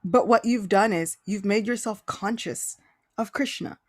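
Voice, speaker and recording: A woman's voice: mid-range voice, measured pace. A woman hosting a podcast, telling a story in casual slang with frequent laughter. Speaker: podcast host.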